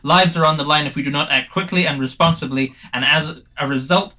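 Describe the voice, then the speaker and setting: A man voicing a stern male army officer who speaks formally and shouts accusations. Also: on the high side, a little fast, pitched above the performer's own voice.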